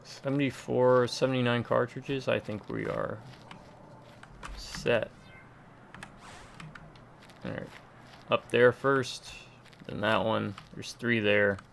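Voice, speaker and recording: A man's voice: mid-range voice, steady tone, takes it slowly, creaky, pauses often, fairly bright tone, slight background noise. A young man from Georgia in the United States giving casual let's-play commentary, muttering running remarks and dry quips as he plays. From Georgia, USA. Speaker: gameplay commentator.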